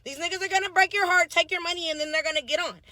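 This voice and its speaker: A woman's voice: very high-pitched, fairly even intonation, racing, pushed and bright, no room sound. A woman with a Los Angeles accent giving a brash, profane rant about dating. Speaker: tiktok creator.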